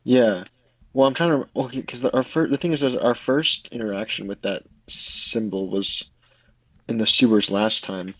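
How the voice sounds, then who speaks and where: A man's voice: medium pitch, moderate pace, breathy edge, no echo, low-quality recording. A man playing a tabletop game, talking hesitantly with many fillers. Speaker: player.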